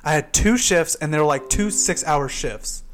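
Young guy ranting through a work story, cusses a lot, kinda higher voice. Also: moderate pace, faint music behind. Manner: profane, heated retelling with loud quoted outbursts. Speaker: podcast host. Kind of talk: casual chat, storytelling. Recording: poor laptop recording.

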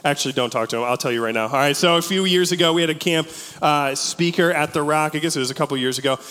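Animated high-voiced youth pastor in a hall. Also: male voice, fast, smooth. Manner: animated, joking, acts out voices in his story. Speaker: middle school pastor. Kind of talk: youth sermon with storytelling. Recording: long reverb of a hall.

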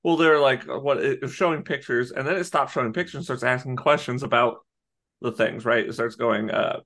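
A man talking casually on a podcast, with a mid-range voice that is neither high nor low. He rambles and gets animated as he goes, laughing and swearing along the way. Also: a little fast. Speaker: podcast co-host. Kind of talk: casual chat.

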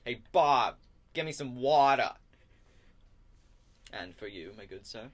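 Booming friendly barkeeper guy, a man putting it on, low-ish voice, tabletop game. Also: big pitch swings, quick pace, fairly bright tone, exaggerated voice. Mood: hearty. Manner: booming, hearty. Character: loud friendly male tavern barkeeper.

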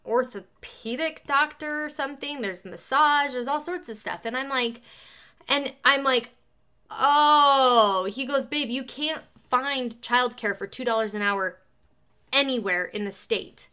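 A woman with a bright, somewhat high voice is telling a story in a relaxed, chatty way. She acts out the back-and-forth between herself and another person, keeping the dialogue lively. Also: unhurried. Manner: animated, acts out both sides of a conversation. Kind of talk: casual chat.

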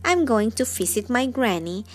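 A woman's voice: a little high, sing-song, moderate pace, faint music behind. A woman voicing an innocent, polite little girl from a fairy tale. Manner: polite, trusting.

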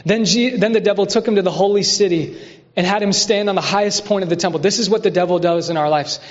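A man with a high voice preaching as pastor, energetic and leading the congregation in call and response. His words ring out with a long reverb through a large church hall. The recording sounds muffled and lo-fi. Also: fast. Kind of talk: sermon.

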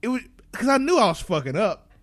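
A young man co-hosting a podcast, talking in loose casual chat with a fairly high, very lively voice that swings up and down. He laughs often and swears freely, and the sound is dry and close. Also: fairly quick, dry recording. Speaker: podcast co-host.

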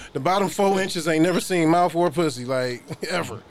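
A man's voice: fairly high pitch, moderate pace, a crowd in the background. A young man co-hosting a podcast, telling a boastful story with joking banter. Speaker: podcast co-host. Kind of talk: casual explicit chat.

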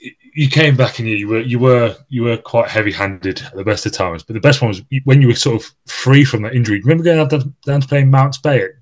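A man with a voice of ordinary pitch, hosting a casual podcast. He reminisces with a former teammate, rambling, swearing now and then and often breaking into laughter. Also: fast.

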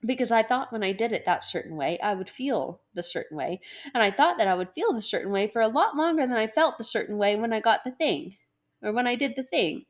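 A woman talks casually about faith in a relaxed devotional style. She is animated and acts out inner voices as she goes. She laughs often. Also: on the high side.

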